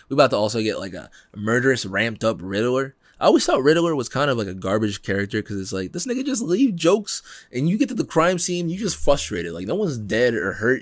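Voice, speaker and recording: A young man hosting a podcast in casual chat, animated and laughing, acting out quotes in slangy talk. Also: mid-range voice, a little fast, few pauses, dry recording. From Pennsylvania, United States. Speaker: podcast host.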